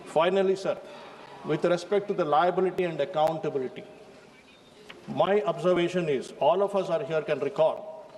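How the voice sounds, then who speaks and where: A man's voice: a little high, normal speed, darkish tone, big-room sound, a little hiss or hum. A man with an Indian English accent giving an emphatic parliamentary speech, repeatedly addressing the chair as sir. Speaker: member of parliament. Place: large debating chamber.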